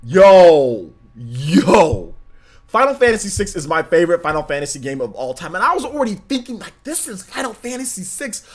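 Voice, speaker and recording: In casual livestream chat, this young gaming host tells animated stories, constantly saying "man" and "like." He has a high-pitched voice with a breathy edge.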